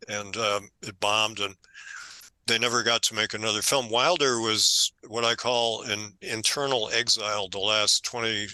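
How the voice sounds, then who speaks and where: An older man, an author being interviewed, telling stories in a conversational, animated way and growing emphatic when indignant. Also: lowish voice, moderate pace, no echo, low-quality recording. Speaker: author guest.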